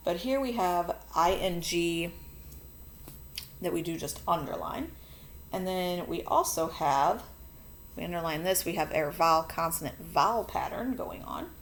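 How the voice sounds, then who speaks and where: A woman's voice: fairly low pitch, slight background noise. A woman teaching a phonics lesson to children, explaining board work patiently and chattily, correcting herself as she goes.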